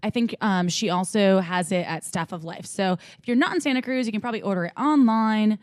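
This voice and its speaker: A woman's voice: mid-range voice, a little fast, no echo, studio quality. A woman co-hosting a podcast, chatting in a playful, jokey way. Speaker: podcast co-host. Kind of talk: casual chat.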